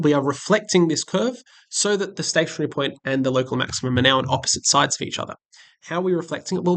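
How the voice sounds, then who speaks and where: A man walking through a maths exam question step by step, friendly and chatty with frequent ums, recorded at a desk while drawing with a stylus. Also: a little high. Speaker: maths teacher. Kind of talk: screen-recorded exam walkthrough. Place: indoors at a desk, webcam and tablet setup.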